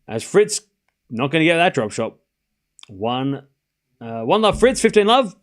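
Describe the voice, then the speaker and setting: A man's voice: on the high side, sing-song, unhurried, pauses often. Chatty male tennis streamer. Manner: chatty, joking with chat, swearing, tangents between points. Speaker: streamer doing live tennis commentary. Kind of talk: casual live-stream commentary.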